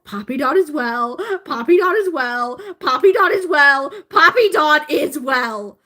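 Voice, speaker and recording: Woman streamer, high voice, swings all over the place; excitable, curses freely. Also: a little slow. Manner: excitable, swearing, shrieks when worked up. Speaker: livestreamer. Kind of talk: casual livestream chat with viewers.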